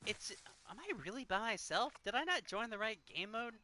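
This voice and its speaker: A man's voice: sits high, expressive, fairly quick, pushed and bright, slight background noise. A man in his thirties, a game streamer talking earnestly and emotionally, choked up and sighing often. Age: 30s. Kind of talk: casual chat while gaming.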